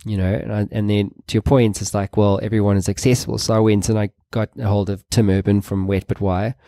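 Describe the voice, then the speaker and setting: A man's voice: on the low side, flat delivery, fairly quick, warm tone, dry recording, clean studio sound. A man hosting a podcast interview, talking in a loose, rambling way and swearing casually. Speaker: podcast host.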